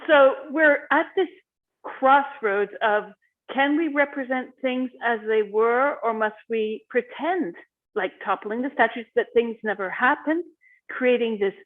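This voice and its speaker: A woman's voice: on the high side, measured pace. A woman interviewing a guest in a conversational, enthusiastic way. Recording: tinny phone-like line.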